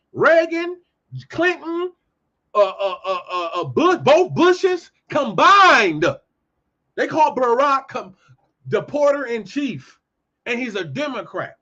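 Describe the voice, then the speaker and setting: Male commentary host, high-pitched, ranting casually, swings between shouting and muttering; muffled lo-fi recording. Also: very animated, takes it slowly. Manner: heated, ranting, swings from loud outbursts to low muttering. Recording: dull lo-fi audio.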